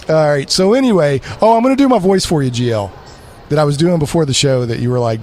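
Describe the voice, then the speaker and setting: A man's voice: a little high, expressive, fast talker, a little mellow, a little hiss or hum. A man hosting a live radio broadcast from a comic convention floor, interviewing in a rambling, enthusiastic way with lots of restarts. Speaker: radio host.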